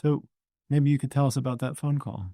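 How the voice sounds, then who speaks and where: A man's voice: medium pitch, fairly even intonation, brisk, warm tone, no echo, clean studio sound. A man hosting a webinar interview, asking brief questions to draw out the guest. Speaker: interviewer and host.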